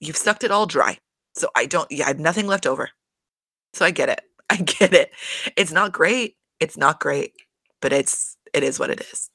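A woman's voice: low-pitched, expressive, moderate pace, sharp tone, no room sound. A woman hosting a casual reality TV recap, chatty and profane, full of fillers and exasperation.

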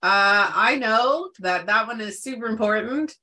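A woman's voice: on the high side, lively intonation, a little slow, pushed and bright. A woman co-hosting a casual wellness chat, who talks emphatically and repeats words for stress. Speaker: podcast co-host.

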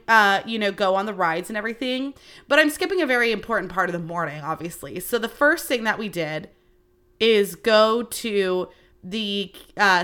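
A woman around thirty hosting a podcast, telling stories in a casual, animated way and swearing freely. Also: medium pitch. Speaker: podcast host. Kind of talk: casual storytelling chat.

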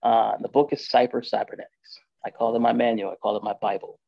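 A man's voice: mid-range voice, brisk, gravelly, dry recording, highs cut off. Candid man telling a raw story. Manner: emotional, candid, animated retelling with quoted dialogue. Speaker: guest telling his story. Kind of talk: casual storytelling on a podcast.

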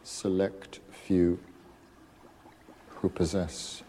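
Stern potions professor, very deep, unhurried, menacing, long hall reverb, faint hiss. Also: male voice, flat delivery, mellow. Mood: coldly menacing. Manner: slow, deliberate, menacing delivery. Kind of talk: film scene.

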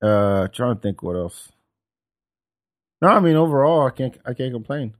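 A man hosting a casual podcast conversation. He tells stories with animation and slips into the voices of the people in them. His voice sits at a middle pitch. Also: normal speed. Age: adult with young son. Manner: animated storyteller, acts out calls. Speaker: podcast host. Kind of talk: casual chat.

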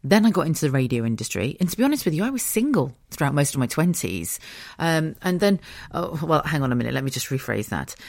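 A woman's voice: deep voice, very animated, quick pace, darkish tone, dry recording. A woman in her late thirties hosting a solo podcast, talking frankly and emotionally, swearing freely and laughing at herself. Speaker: podcast host. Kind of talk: candid solo podcast confession.

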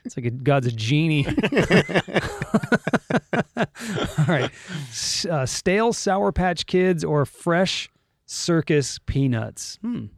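A man hosting a casual podcast chat, asking quick questions, laughing often and repeating words. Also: a little high, animated, no echo. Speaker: host.

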